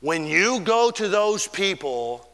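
A man preaching a fervent sermon, stretching key words and swinging between loud and soft. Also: high-pitched, big pitch swings, slow pace, big-room sound.

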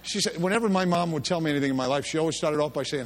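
A man's voice: a little high, rapid-fire, a little hiss or hum. A middle-aged man preaching a sermon in a church service, telling stories in a folksy, chuckling way. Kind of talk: sermon with storytelling.

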